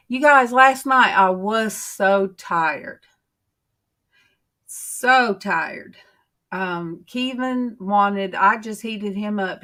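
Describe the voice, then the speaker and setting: Middle-aged woman hosting a livestream, unhurried, homey, rambling chat. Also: medium pitch, sharp tone. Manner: rambling, homey, drawn-out storytelling. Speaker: livestream host. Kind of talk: casual chat to viewers.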